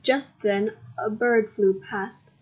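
Breathy woman reading a children's story. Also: medium pitch, steady tone, low-quality recording. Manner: slow, careful reading with bursts of loud sound effects. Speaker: podcast host and story reader.

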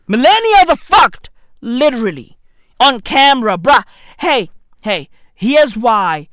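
A man's voice: extremely high pitch, sing-song, unhurried, no echo, studio quality. Brash, profane man ranting animatedly. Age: 30s. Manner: brash, profane, bursts of shouting. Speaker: vlogger. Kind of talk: comedic rant to camera.

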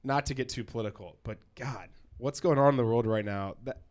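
A man hosting a casual podcast chat, relaxed and blunt, moving through segments. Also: mid-range voice, fairly quick. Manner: relaxed, swears, runs the segments.

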